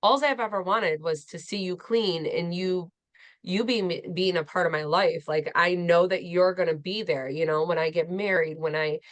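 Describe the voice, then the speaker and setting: A woman's voice: on the low side, normal speed, no room sound. A woman with a Michigan accent hosting a casual conversation, supportive and talking in loose run-on sentences. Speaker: host.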